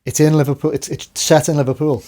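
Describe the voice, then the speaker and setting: A man's voice: on the high side, flat delivery, fast talker, warm tone. A man with a Scouse accent, co-hosting a casual podcast chat, often tagging his points with questions. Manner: conversational, asks tag questions.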